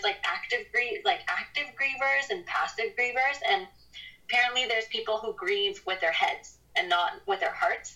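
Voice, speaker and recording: A woman's voice: mid-range voice, pushed and bright, far from the mic, low-quality recording. A woman in casual chat, speaking bluntly and opinionatedly, swearing freely.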